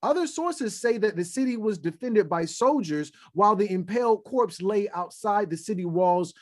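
A man hosting a podcast, chatting casually and retelling history, animated and laughing often. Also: high-pitched, moderate pace. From United States. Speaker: podcast host.

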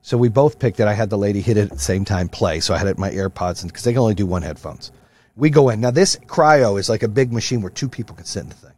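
A man in his thirties or forties hosting a podcast, ranting with lots of profanity in a fired-up motivational way, then dropping to a low, quieter voice for stories. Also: expressive, fast talker. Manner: swings from loud rants to low, quieter storytelling. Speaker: podcast host. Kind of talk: casual monologue.

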